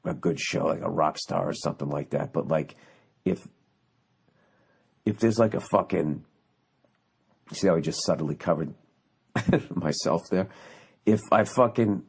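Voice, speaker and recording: Gravelly and low with a breathy edge, this podcast host speaks unhurriedly, leaving long pauses. His rant is comedic, sarcastic, and profane, wandering through asides and restarted thoughts.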